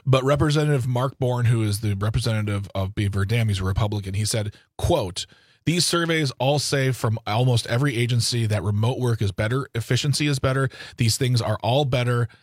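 A man's voice: medium pitch, no room sound. A man on a studio talk show makes his case with energy, circling back over his points. The sound is close and dry. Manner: animated, argumentative, many "like" fillers. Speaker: radio show co-host. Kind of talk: casual talk radio. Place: radio studio.

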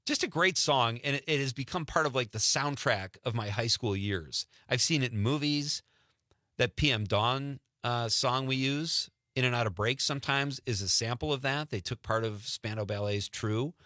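A man's voice: mid-range voice, normal speed, sharp tone, no echo. A man in his fifties from Wisconsin hosting a casual radio talk show, chatty and laughing often into a studio mic.

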